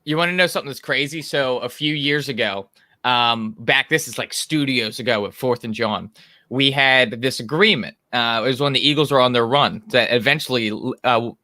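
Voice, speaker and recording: Bright dry-sounding Philly sports guest. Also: male voice, mid-range voice, moderate pace, no echo. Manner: laid-back storytelling, laughs often. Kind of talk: casual sports talk.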